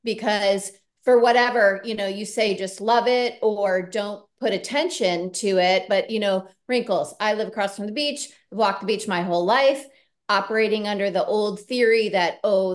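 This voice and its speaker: A woman's voice: medium pitch, moderate pace. Candid woman, casual podcast chat. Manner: animated, candid, swears.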